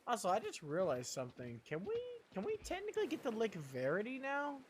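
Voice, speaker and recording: A man chats his way through a video game stream in a fairly high voice that swings up and down a lot. He rambles playfully, muttering to himself and cracking little jokes as he plays. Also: huge pitch swings, fairly quick, slight background noise. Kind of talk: casual gameplay commentary.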